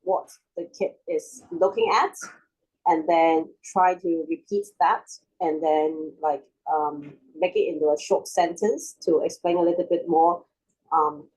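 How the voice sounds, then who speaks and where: Woman, seminar participant; low voice, hesitant, lots of ums. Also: fairly even intonation, a little slow, darkish tone, husky, low-quality recording. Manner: hesitant, many fillers.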